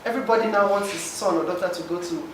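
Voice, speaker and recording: In an echoey hall, an impassioned Nigerian man with a high voice speaks fast, making an emotional, pleading public comment as a forum participant. He holds a handheld mic, and the distant recording is noisy.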